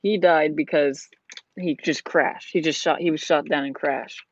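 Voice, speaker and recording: Rambling hobby vlogger, mid pitch, filler-heavy casual chat, dull lo-fi recording. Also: steady tone, a little slow, no room sound. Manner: rambling, lots of "like" and "you know". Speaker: vlogger building a model. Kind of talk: casual chat while building. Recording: dull lo-fi sound.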